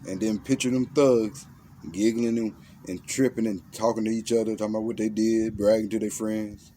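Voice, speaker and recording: A man's voice: lowish voice, flat delivery, moderate pace, mellow, slight background noise. A man giving a blunt, intense monologue that guides the listener through a visualization, using slang and commands. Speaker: motivational self-defense speaker.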